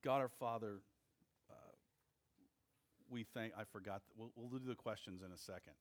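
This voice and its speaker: A man with a lowish voice, a pastor, preaches a sermon in slow, deliberate phrases, pausing emphatically between each short one.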